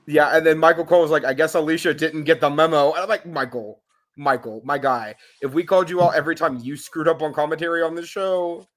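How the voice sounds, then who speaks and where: A man's voice: a little high, quick pace, fairly bright tone. A man co-hosting a podcast, talking in a wry, conversational way and addressing people directly. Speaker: podcast co-host. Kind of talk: casual recap chat.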